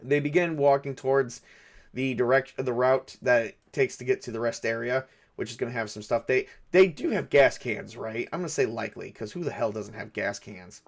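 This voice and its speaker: Sex: man. Role: solo game master. Style: narrating a tabletop game. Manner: muses aloud, hesitant, full of fillers. Pitch: middling. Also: moderate pace, gravelly.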